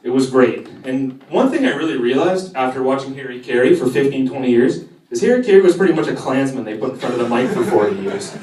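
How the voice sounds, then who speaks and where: A man's voice: mid-range voice, lively intonation, fast talker, a little mellow. A young man doing a crude stand-up set, swearing and working the crowd in a cafe. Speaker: stand-up comedian. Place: cafe stage before a live audience. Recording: echoey room heard from a distance, crowd laughing.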